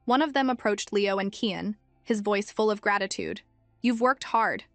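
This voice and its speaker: A woman reading a scripted story recap as narrator, in a steady storytelling manner. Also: medium pitch, moderate pace, dry recording. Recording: dry close mic with faint music.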